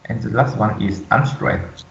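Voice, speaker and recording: A young man reads a class presentation off slides, halting and dotted with fillers. He sits back from the mic in an echoey room, and the sound is dull and muffled. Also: fairly low pitch, gravelly, far from the mic. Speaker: student presenter.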